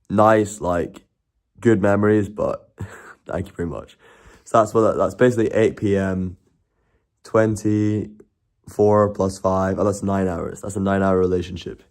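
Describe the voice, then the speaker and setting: A man's voice: sits low, fairly even intonation, measured pace, a little mellow. A man chatting casually and rambling on a live stream, laughing and swearing as he goes.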